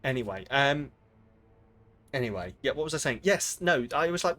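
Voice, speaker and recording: A man's voice: medium pitch, lively intonation, a little slow, a bit bright. A man streaming a video game, chatting and rambling in a self-mocking way with frequent swearing. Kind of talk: casual gaming commentary. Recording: game music clearly behind.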